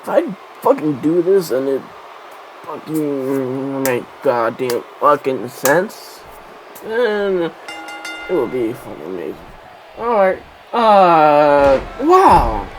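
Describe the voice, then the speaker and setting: A man's voice: on the high side, a little hiss or hum, rough recording. A man giving rambling, casual gaming commentary, swearing constantly. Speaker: gameplay commentator.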